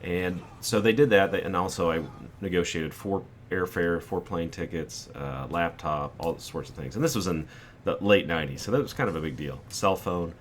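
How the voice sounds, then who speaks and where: A man's voice: sits low, normal speed, a little hiss or hum. A man in his forties hosting a gaming channel, telling a rambling personal anecdote over gameplay and acting out the quotes.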